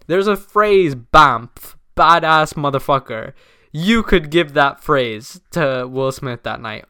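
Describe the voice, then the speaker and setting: A man's voice: fairly high pitch, fairly bright tone, clean tone, no echo, studio quality. A young man hosting a casual solo podcast, talking loosely with lots of fillers and frequent swearing. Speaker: podcast host.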